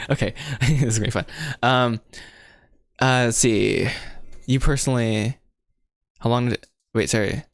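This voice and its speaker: A man's voice: medium pitch, steady tone, slow, gravelly, pauses often, dry recording, clean studio sound. Rambling, chuckling man streaming live. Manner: rambling, self-interrupting, laughs often. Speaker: animation filmmaker livestreaming his script writing. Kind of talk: casual livestream chat.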